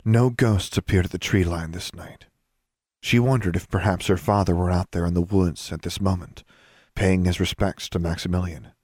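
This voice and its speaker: This deep-voiced man narrates an audiobook, telling the story in a measured, even way. It's studio quality, with no room sound.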